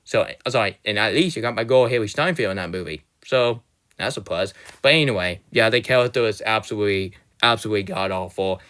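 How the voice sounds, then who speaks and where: A man's voice: on the low side, brisk, a bit bright. A young man delivering a rambling, exasperated movie rant in a casual, loose way. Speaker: movie reviewer.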